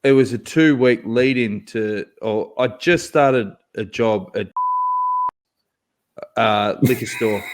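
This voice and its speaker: Male podcast co-host, mid pitch, animated profane storyteller. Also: slow pace, a little hiss or hum. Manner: animated, swears freely, laughs through his own story. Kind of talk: casual storytelling chat.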